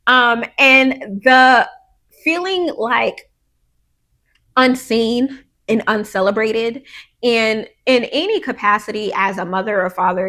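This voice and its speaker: A woman's voice: medium pitch, a bit bright. Conversational woman podcast host. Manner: conversational, frequent fillers, acts out quotes of her kids. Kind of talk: casual heartfelt monologue.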